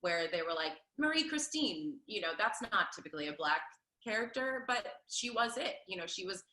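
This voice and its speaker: A woman in her thirties, a stage performer, answering interview questions in an animated, chatty way with lots of fillers. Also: on the low side, fairly quick, echoey room, rough recording. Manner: animated, laughs often, many fillers. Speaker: Broadway performer, guest.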